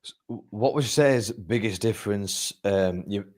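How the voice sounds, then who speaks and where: A man's voice: on the low side, normal speed, a little mellow. A man from England hosting an interview, friendly and casual, with stumbling starts and many fillers. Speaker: podcast interviewer.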